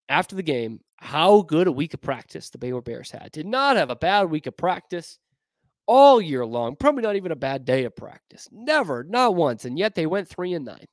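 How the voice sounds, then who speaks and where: A man with a fairly high voice hosts a sports talk segment, emphatic and frank, leaning on wordplay to make his points. The sound is dry and close, with no room around it. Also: normal speed, no echo. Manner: emphatic, frank, animated delivery with playful wordplay. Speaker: sports show host. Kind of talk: opinionated sports commentary.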